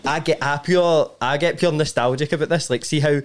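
A man's voice: on the high side, steady tone, brisk. A man with a Scottish accent hosting a podcast, asking loose, rambling questions full of fillers. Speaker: podcast host. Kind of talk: casual chat.

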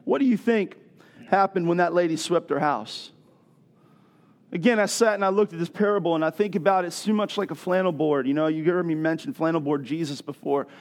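A middle-aged man preaching a sermon as pastor, animated and building to loud rhetorical questions. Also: fairly high pitch, fairly quick.

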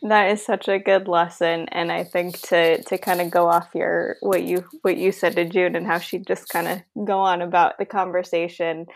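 A woman hosting a podcast interview, telling a personal story in a soft, storytelling way. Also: lowish voice, level tone, moderate pace, vocal fry, few pauses. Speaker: podcast host.

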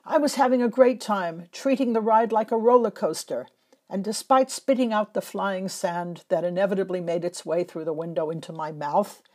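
A woman from Northern Europe, a travel photographer, narrating her travel memories in a measured, reflective way. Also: mid-range voice, a little mellow. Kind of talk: scripted first-person travel narration.

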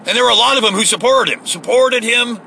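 Guy venting in his car, swears a lot, sarcastic, sharp bright voice. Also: very high voice, fast talker, creaky, a little hiss or hum, rough recording. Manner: profane, sarcastic, heated ranting. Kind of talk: ranting political monologue.

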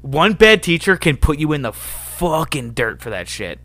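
Young guy rambling and cussing a lot, bright voice, dude every other line. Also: fairly high pitch, sing-song, normal speed, dry recording. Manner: rambling, swears a lot, says dude constantly. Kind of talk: casual chat.

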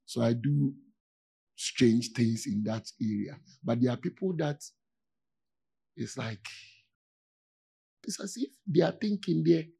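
A man's voice: a little high, vocal fry, dark tone, slightly rough. A man, a pastor, giving a conversational sermon in an informal way, often stopping to ask his listeners whether they follow. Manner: informal, asks "do you see?" often, with laughs and pauses.

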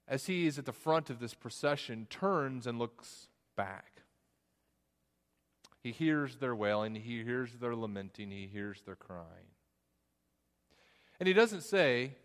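A man's voice: medium pitch, fairly bright tone. A man preaching an expository sermon, walking through the text with frequent restarts and repeated words. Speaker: pastor. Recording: long hall reverb.

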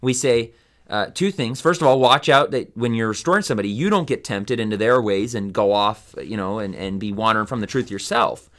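A man's voice: on the low side, brisk, a bit bright. Man rambling through a Bible study. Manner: rambling, many fillers and restarts. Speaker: podcast Bible study host. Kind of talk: conversational Bible teaching.

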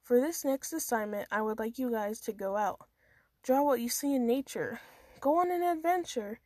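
A woman voicing a stern, sarcastic gray-haired art professor, speaking slowly and dryly in a storybook reading. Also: on the high side, a little mellow, no echo, lightly acted.

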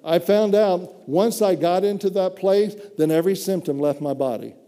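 High-voiced man preaching in a hall. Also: moderate pace, warm tone. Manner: fervent, exclaiming praise between phrases. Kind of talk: sermon.

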